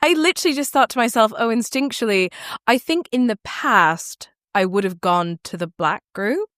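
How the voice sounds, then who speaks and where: A woman's voice: a little high, lively intonation, moderate pace, fairly bright tone, dry recording, clean studio sound. A woman co-hosting a podcast, chatting casually and reacting expressively. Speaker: podcast co-host. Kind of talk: casual chat.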